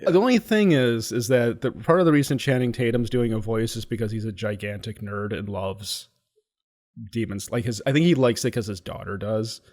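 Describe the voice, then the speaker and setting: A man's voice: on the low side, normal speed, darkish tone. A man co-hosting an anime review show in casual chat, rambling and laughing often.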